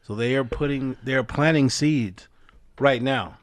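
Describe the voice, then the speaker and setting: A man's voice: mid-range voice, unhurried, no room sound. A man co-hosting a wrestling podcast, confidently laying out his predictions in casual chat. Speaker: podcast co-host.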